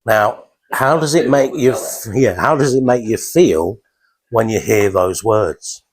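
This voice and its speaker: A man gives his first talk in a small lounge, speaking haltingly with restarts and fillers. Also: fairly low pitch, breathy edge. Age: 50s. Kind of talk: informal talk to a small audience.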